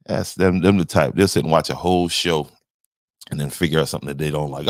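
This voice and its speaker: A low, gravelly man talking slowly and deliberately. He hosts a casual podcast and trash-talks a viewer with repeated mocking jabs. The sound is close and dry. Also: no echo. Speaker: podcast host. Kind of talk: casual on-camera commentary.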